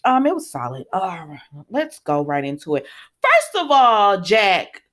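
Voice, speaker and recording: A young woman hosts a casual soap recap, her pitch swinging lively up and down. She chats in an animated way and speaks directly to her viewers. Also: unhurried. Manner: animated and chatty, talks straight to viewers. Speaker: soap opera recap host.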